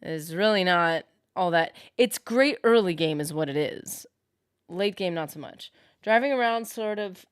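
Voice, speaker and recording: A woman's voice: lowish voice, expressive, unhurried, clean tone, no room sound, clean studio sound. A woman streaming a game live, chatting casually and thinking aloud as she answers her viewers. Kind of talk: casual live-stream chat while gaming.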